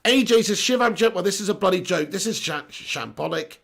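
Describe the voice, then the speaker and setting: A man's voice: sits high, animated, a little fast, gravelly, fairly bright tone. A young English man hosting a casual live stream, reading chat comments aloud, joking, laughing and swearing casually.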